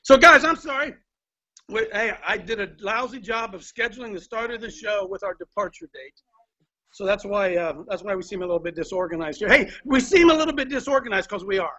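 Man, high bright voice, rambling and apologetic host, in his house, on a phone, slightly dull audio. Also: animated, fairly quick. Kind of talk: casual live-stream chat. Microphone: phone held by the speaker.

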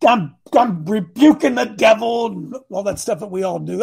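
A man preaching a story-driven sermon, animated and bursting into shouts for emphasis. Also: high-pitched, normal speed, creaky, few pauses, breathy edge.

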